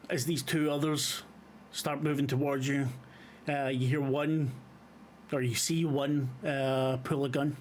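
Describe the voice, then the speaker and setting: A man's voice: medium pitch, level tone, unhurried, a little hiss or hum. A man running a tabletop horror game as game master, describing scenes with frequent ums and uhs. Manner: hesitant, many fillers.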